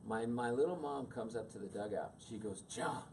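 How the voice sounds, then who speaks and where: A man in his fifties, a workshop speaker telling a personal story to an audience in a conversational, animated way. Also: mid-range voice, brisk, gravelly, slight background noise. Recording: distant mic with faint room ambience.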